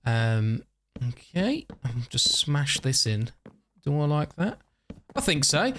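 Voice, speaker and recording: A man's voice: fairly high pitch, very animated, takes it slowly, fairly bright tone, a little hiss or hum. A tired man giving casual, upbeat gameplay commentary, thinking aloud and laughing often. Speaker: gaming video creator.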